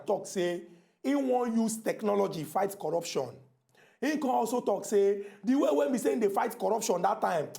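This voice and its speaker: A man's voice: high voice, creaky, dark tone. A man from Nigeria with a Nigerian Pidgin accent, hosting a talk-show debate and rambling with many fillers. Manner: rambling, filler-heavy, slow when stressing points. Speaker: host.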